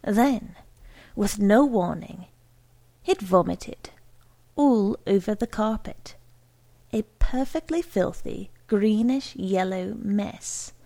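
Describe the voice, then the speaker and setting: Slow, gravelly woman reading a story. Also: medium pitch, mellow. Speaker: narrator.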